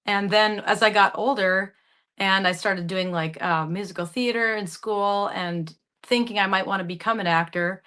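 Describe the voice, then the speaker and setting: A young woman from the Upper Midwest speaks with a bright, clear tone and a regional accent. She chats animatedly as an actress guest in a radio interview, laughing often as she talks. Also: medium pitch, steady tone, moderate pace. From Upper Midwest, Michigan. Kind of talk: casual interview chat.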